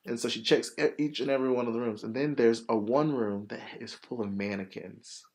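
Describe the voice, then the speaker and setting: A man hosting a podcast, casually retelling a movie plot in a rambling, profane, animated way full of fillers. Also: mid-range voice, fairly quick. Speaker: podcast host.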